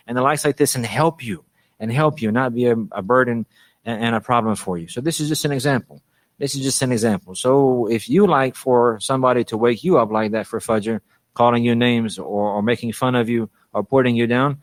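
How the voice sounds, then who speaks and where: A man's voice: mid-range voice, no room sound. A man giving a religious lesson on manners, often repeating a phrase to stress it and restarting his sentences. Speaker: Islamic teacher.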